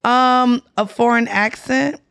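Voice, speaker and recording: A woman's voice: fairly high pitch, fairly even intonation, takes it slowly, gravelly, fairly bright tone, clear, resonant tone, no room sound, studio quality. Blunt, frank woman podcast co-host. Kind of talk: casual chat. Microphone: studio mic.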